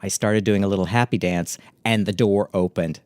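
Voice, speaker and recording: A middle-aged man telling a memoir story in a wry, catty, deadpan way. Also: deep voice, moderate pace, dry recording.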